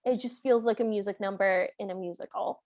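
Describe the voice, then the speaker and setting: A woman's voice: medium pitch, a little fast, a little mellow. A woman co-hosting a podcast, casually discussing a film and laughing easily. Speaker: podcast co-host. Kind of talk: casual movie recap chat.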